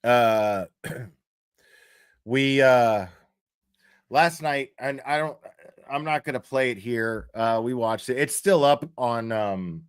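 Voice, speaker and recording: A man's voice: mid-range voice, slow pace, long pauses, clean tone, no room sound, studio quality. A man hosting a livestream, talking casually in a profane, mocking rant. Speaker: streamer host.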